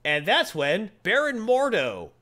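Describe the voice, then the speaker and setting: A man's voice: high voice, wildly swooping pitch, unhurried, bright, forceful tone. A man hosting a casual chat, retelling a comic book story and acting out the characters' lines. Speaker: comic book podcast host.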